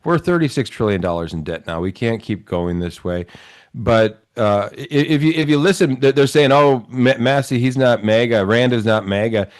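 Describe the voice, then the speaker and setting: A man's voice: mid-range voice, moderate pace. A man with a Wisconsin accent giving earnest, argumentative political commentary on a talk show.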